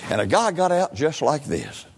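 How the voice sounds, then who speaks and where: Emphatic high-voiced preacher. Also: male voice, sing-song, moderate pace, slightly rough. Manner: emphatic, repeats "listen" and stammers into phrases. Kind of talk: sermon, telling personal testimony. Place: church sanctuary. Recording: long hall reverb.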